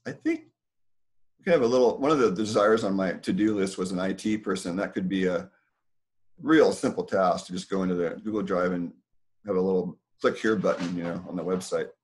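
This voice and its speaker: A man's voice: sits low, fairly quick. A middle-aged man hosting a casual community talk from his house, rambling and digressing as he explains.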